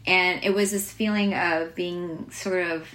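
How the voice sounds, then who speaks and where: A woman's voice: lowish voice, steady tone, measured pace, a bit bright. Chatty American woman chef, lots of fillers. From United States. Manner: chatty, many fillers and restarts, laughs often. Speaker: chef and restaurant owner. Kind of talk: casual interview storytelling.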